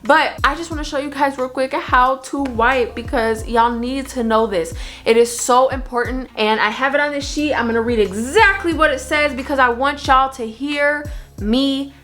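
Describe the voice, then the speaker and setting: A woman's voice: sits high, moderate pace, a bit bright, faint music behind. A young adult woman giving blunt, emphatic advice in a casual vlog, scolding her viewers and stressing her points. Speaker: vlogger. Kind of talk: casual advice talk to camera.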